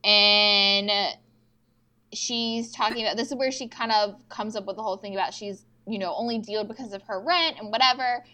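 A woman's voice: mid-range voice, steady tone, normal speed, sharp tone. A young woman co-hosting a podcast, animatedly retelling TV scenes with quoted dialogue and frequent swearing. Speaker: podcast co-host recapping episodes. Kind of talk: casual chat.

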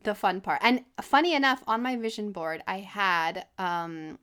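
A woman's voice: mid-range voice, measured pace, fairly bright tone, clean tone. A woman co-hosting a podcast in casual chat, blunt and swearing freely as she retells stories with animation. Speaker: podcast co-host.

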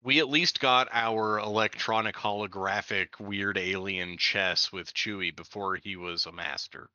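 An enthusiastic man with a fairly low, very bright voice talks through a casual film discussion and often laughs between points. His voice sounds dry and a bit dull on a lo-fi recording. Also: fairly even intonation, a little slow, dry recording.

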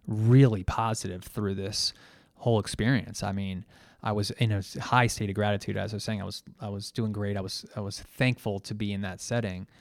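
A man's voice: on the low side, no room sound, studio quality. A middle-aged man hosting his podcast alone, reflecting earnestly and a little emotionally, with many fillers and restarts. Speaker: podcast host and coach. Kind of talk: reflective solo podcast talk.

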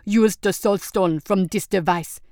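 A woman voicing a male prince who shouts orders to his soldiers in battle. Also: medium pitch, unhurried, dry recording, clean studio sound, natural voice. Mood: urgent.

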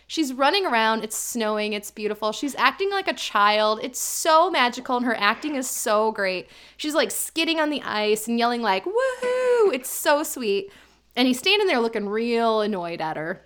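A woman in her thirties, an animated storyteller casually recapping a drama as a podcast co-host. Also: fairly high pitch, moderate pace, clean tone.

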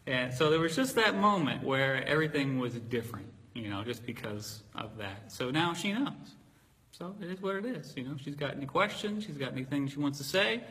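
A male preacher from Virginia talks his congregation through a sermon, joking and telling stories. His tone is bright and slightly husky. The recording carries the long reverb of a big church hall. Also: on the high side, animated, moderate pace. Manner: conversational, jokey storytelling.

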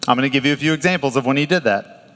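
A male pastor preaching a sermon in a conversational, animated way, with laughs and restarts. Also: mid-range voice, racing, long reverb tail.

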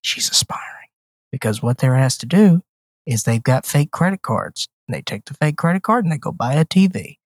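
On a movie podcast, another co-host chats casually at a fairly quick pace in a medium-pitched voice, recorded with no echo. He's animated and joking, retelling the film's plot with acted-out quotes.

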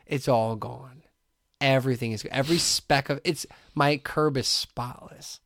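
A man spins a story on a podcast, slipping into the voices of the people he quotes and laughing as he goes. His voice sits at a middle pitch. The sound is dry and close, with no room echo. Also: a little slow. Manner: animated storyteller, acts out quotes, laughs often. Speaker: podcast co-host. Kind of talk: casual storytelling chat.

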